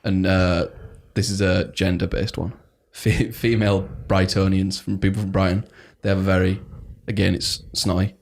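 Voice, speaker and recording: A young man co-hosting a casual podcast in a low voice. He jokes a lot and fires quick replies back and forth. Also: little pitch movement, gravelly. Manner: joking, quick back-and-forth, laughs often. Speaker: podcast co-host. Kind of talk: casual chat.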